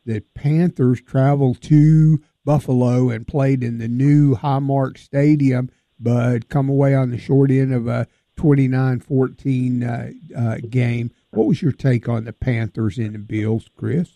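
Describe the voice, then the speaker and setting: A man's voice: medium pitch, measured pace, creaky, no echo. A man hosting a casual sports talk show, asking questions with frequent fillers. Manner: relaxed, flat delivery with frequent fillers. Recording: dry, phone-like line.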